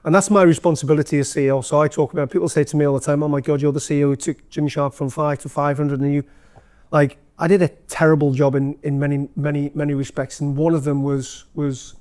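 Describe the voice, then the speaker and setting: Geordie businessman telling stories to a room, a touch high-voiced, chatty and self-mocking. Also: darkish tone. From North East England. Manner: chatty, self-deprecating storyteller with many fillers. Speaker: former CEO giving a guest talk. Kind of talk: live anecdotal talk to an audience. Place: event room with an audience.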